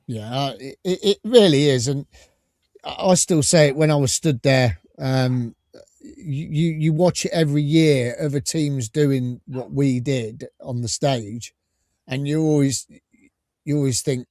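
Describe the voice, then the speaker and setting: A man in casual podcast chat, talking at a middle pitch and tripping over repeated words as he gets going. His voice sounds close and dry with no room around it. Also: unhurried, darkish tone, dry recording. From England. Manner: chatty, repeats words as he restarts sentences. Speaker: podcast host.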